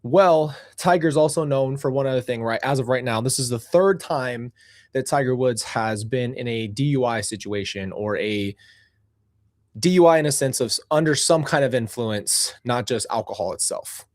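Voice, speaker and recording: A man's voice: medium pitch, normal speed, dry recording, studio quality. A man hosting his own livestream show, talking casually and animatedly to his viewers and joking with the chat as he vents. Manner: animated, chatty, complains playfully, talks to chat. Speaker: host.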